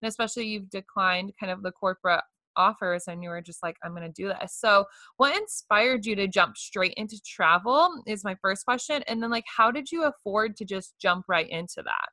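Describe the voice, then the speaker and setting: A young woman hosts a casual podcast chat, upbeat and often laughing. Her voice is bright and forward, recorded dry and close with no room around it. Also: medium pitch, lively intonation, moderate pace, no echo. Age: young adult. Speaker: podcast host.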